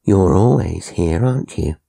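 A woman's voice: extremely low pitch, lively intonation, unhurried, creaky, dark tone, heavily acted. A man voicing a frail elderly woman with dementia who speaks in a quavering, fretful way, for a ghost story audiobook. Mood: wistful. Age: older.

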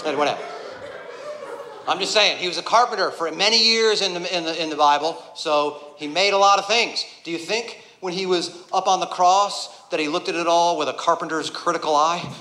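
A man doing a stand-up comedy set, ranting and swearing and building to angry shouts. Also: on the high side, brisk, a little hiss or hum. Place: comedy club stage before a laughing audience. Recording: roomy live venue sound.

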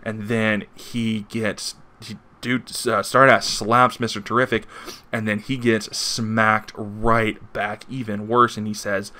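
A man reviews a comic book in an easygoing, rambling way. His voice sits fairly low but sounds bright and forward, and he fills the gaps with "uh" and "um" and the odd chuckle. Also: level tone, measured pace. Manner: rambling, many fillers, chuckles. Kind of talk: casual video review.

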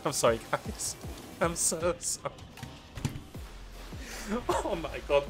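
A young British man streaming a game live, chatting playfully with viewers, laughing often and pleading in loud bursts. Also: a little high, very animated, takes it slowly, soft background music. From United Kingdom.

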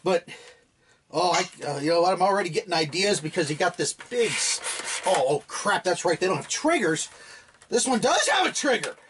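Excitable high-voiced man rambling. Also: moderate pace, background noise. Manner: rambling and excitable, laughs often. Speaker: toy blaster hobbyist unboxing a gift. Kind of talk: casual unboxing chat.

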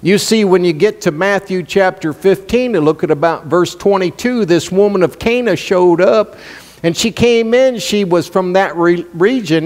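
High-voiced animated male preacher. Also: moderate pace. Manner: animated preaching, sweeping pitch swings. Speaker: pastor. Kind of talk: sermon. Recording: long reverb in a church hall.

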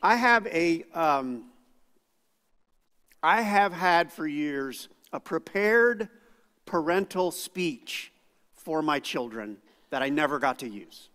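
A middle-aged male pastor preaching a sermon, moving from quiet asides to loud outbursts. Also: a little high, moderate pace, in a large hall. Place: church sanctuary.

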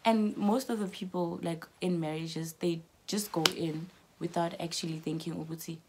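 A woman's voice: on the low side, steady tone, normal speed, warm tone, slight background noise. A young South African woman chatting with a friend, teasing and doubtful, full of slang. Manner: teasing, slangy, doubtful, calls listener bruh and chomi. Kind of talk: casual chat.

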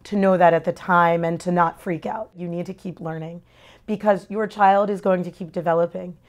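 A woman, a mother, answering interview questions candidly about parenting, talking fast and earnestly with expressive shifts in tone. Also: fairly low pitch. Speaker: parent giving a testimonial.

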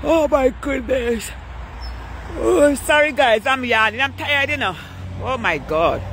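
An older woman with a lilt strolls outside at night and chats to her live-stream viewers in an easygoing way. Her voice is bright and clear, and she takes her time between words. She greets her audience by name as she goes. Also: high-pitched, measured pace, a little hiss or hum. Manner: relaxed, chatty, greets and asks viewers by name. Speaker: vlogger hosting a live stream. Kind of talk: casual live-stream chat while walking. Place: outdoors on a street at night.

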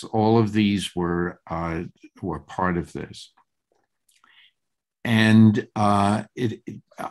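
Older man, study group leader, halting, many restarts, slow. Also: fairly low pitch. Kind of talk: group text study discussion.

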